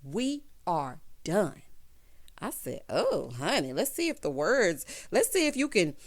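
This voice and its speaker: A woman giving a sassy, animated recap of a TV episode, calling listeners honey and child. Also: medium pitch, moderate pace. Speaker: TV recap host. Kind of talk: casual recap commentary.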